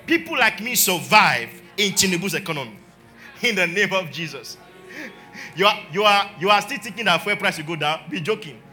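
A man's voice: high voice, moderate pace, soft background music. A man, a pastor preaching a sermon and calling his congregation to repeat declarations after him. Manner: calls the congregation to repeat declarations, swings from quiet talk to shouting.

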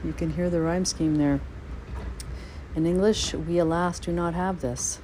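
A woman's voice: lowish voice, fairly even intonation, unhurried, dark tone, slight background noise. A woman poet hosting a podcast, talking thoughtfully with frequent hesitant fillers and reading poems aloud. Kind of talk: casual podcast monologue with poetry reading.

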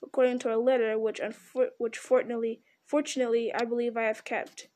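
A woman reading a storybook aloud, voicing a fussy, polite male hobbit who speaks in a prim, businesslike way, in a higher, mellow voice. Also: little pitch movement, quick pace, a little hiss or hum, lightly acted.

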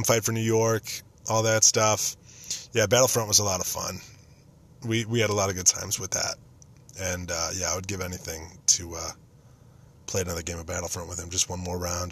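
A young man hosting a podcast, telling casual stories about a friend with self-mocking jokes. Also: fairly low pitch. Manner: self-mocking, joking, nostalgic. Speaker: podcast host. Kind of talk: casual storytelling monologue.

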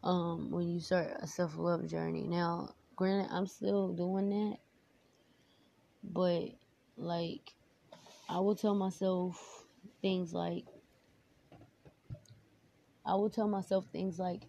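Slow and flat, with a lowish, dark voice, vocal fry, and long pauses, a woman hosting her own podcast speaks candidly and emotionally about personal matters, rambling casually with frequent fillers. Dull, lo-fi sound with faint noise.

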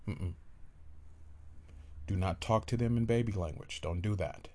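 A man's voice: on the low side, unhurried, warm tone. A man giving emphatic parenting advice in a casual motivational talk, repeating his points insistently.

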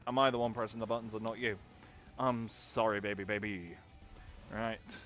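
A man's voice: fairly low pitch, steady tone, moderate pace, a bit bright, soft background music. A young man giving casual gameplay commentary, chatty and rambling, often breaking off into baby talk. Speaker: gaming video creator.

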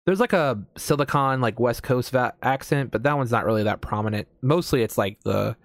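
A man's voice: medium pitch, a little fast, no echo, studio quality. An American man in casual chat as a host, rambling with lots of fillers and casual swearing. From United States.

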